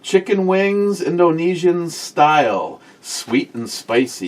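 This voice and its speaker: A man's voice: fairly low pitch, animated, a little slow. A man co-hosting a casual talk show, chatting and joking with a friend. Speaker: co-host. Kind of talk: casual chat.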